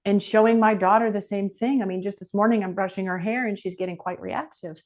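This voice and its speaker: A woman's voice: mid-range voice, fairly even intonation, brisk. A middle-aged woman speaking as a guest on a podcast interview, earnest and reflective.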